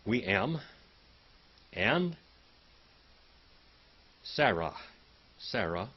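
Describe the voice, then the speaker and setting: A man's voice: on the low side, very animated, drawn-out words, highs cut off. A man teaching a Bible Hebrew class in a folksy, chatty way, calling on students by name and drilling word meanings. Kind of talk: classroom lecture.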